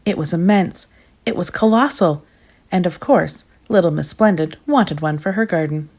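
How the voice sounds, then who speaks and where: A woman reading a children's storybook aloud in a gentle, expressive storytelling manner. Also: on the low side, normal speed. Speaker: storybook reader.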